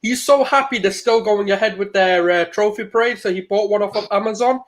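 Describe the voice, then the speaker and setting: A man's voice: high-pitched, fairly quick. A man on a football chat panel who jumps in to interrupt and tease the others. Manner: interrupting, teasing.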